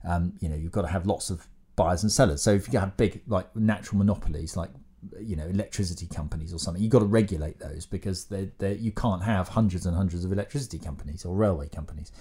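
This podcast co-host has a deep, husky, dark-toned voice and speaks fast. He explains things at length in a casual manner, full of fillers and restarts, with a dry sense of humour.

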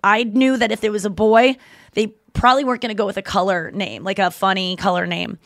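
A woman's voice: medium pitch, steady tone, fast talker, a bit bright, dry recording, studio quality. A woman in her thirties hosting a comedy podcast, joking and blunt, with casual swearing. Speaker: podcast host.

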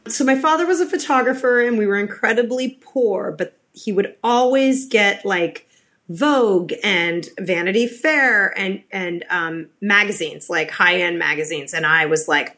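A woman's voice: medium pitch, normal speed, bright, forceful tone. A middle-aged woman, a podcast guest, chatting casually and telling stories with frequent restarts. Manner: chatty storyteller with many restarts. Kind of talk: casual interview chat.

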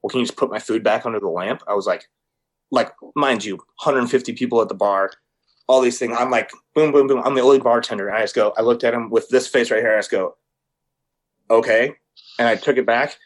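A man's voice: medium pitch, fast talker. A young man co-hosting a podcast, telling stories in casual chat, swearing freely and acting out the people he quotes. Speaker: podcast co-host.

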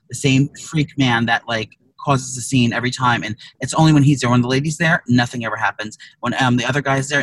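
A man's voice: medium pitch, a bit bright, poor audio. A man co-hosting a podcast in casual chat, telling a rambling, profane story full of restarts. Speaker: podcast co-host. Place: car.

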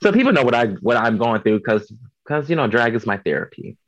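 A man's voice: medium pitch, very animated, brisk, fairly bright tone, no echo, muffled recording. A man from Chicago, a drag performer chatting as an interview guest, blunt, profane and joking. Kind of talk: casual interview chat.

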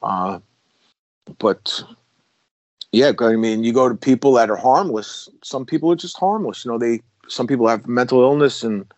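A middle-aged man, once a police officer, tells his stories in a loose, rambling way, often restarting mid-sentence. His voice sits at an ordinary, middle pitch for a man. The recording is close and dry, with no room echo. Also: moderate pace, darkish tone, lo-fi sound. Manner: rambling, with restarts and self-corrections. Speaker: guest, former police officer. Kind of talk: casual storytelling conversation.

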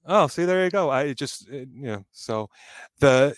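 Animated storytelling man, lively voice. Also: medium pitch, moderate pace, clean tone. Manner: animated, acts out quoted voices, swears. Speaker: guest telling a story. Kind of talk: comic storytelling in casual chat.

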